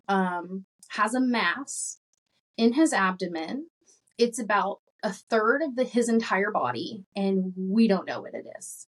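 A woman in her late twenties, a podcast guest telling her personal story in an earnest, emotional way, with light laughs between phrases and her voice rising as feeling builds. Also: medium pitch.

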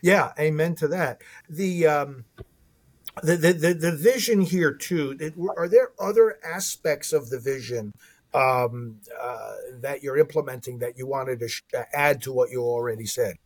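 A male interview host with a breathy, husky voice that sits a little high for a man. He talks in a halting, conversational way, often stumbling and restarting his phrases as he puts questions to his guest. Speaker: radio show host.

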